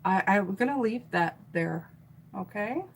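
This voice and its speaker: A woman's voice: medium pitch, animated, measured pace, a little hiss or hum, poor audio. A middle-aged woman doing a live stream tarot reading, chatting loosely and reading out viewer comments with fillers and restarts. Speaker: tarot reader.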